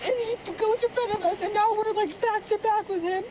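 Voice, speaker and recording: A young woman crying while giving police a rushed, halting account, recorded outdoors on a body camera. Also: very high voice, steady tone, warm tone. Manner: breathless, halting, rushed retelling. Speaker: crime victim giving a statement. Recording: noisy police bodycam audio.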